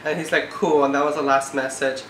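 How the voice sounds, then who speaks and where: A woman's voice: sits low, flat delivery, a little fast, slight background noise. A woman in her twenties chatting casually in a vlog, peppering her talk with "like" and sounding exasperated. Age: 20s. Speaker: vlogger. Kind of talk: casual chat. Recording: echoey room.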